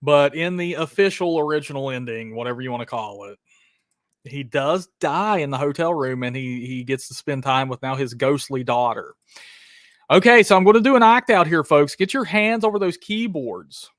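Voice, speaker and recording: A man's voice: on the high side, lively intonation, moderate pace, a bit bright, no echo, clean studio sound. A man hosting a live horror trivia stream, hyped and chatty, calling viewers brother and dude.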